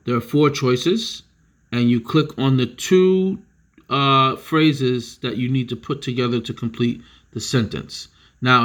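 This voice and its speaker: Male teacher, mid-pitched voice, reads out vocab definitions, punches each headword. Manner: reads each headword louder and higher, then drops to explain; casual, with fillers and self-corrections. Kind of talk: vocabulary lesson, reading definitions aloud.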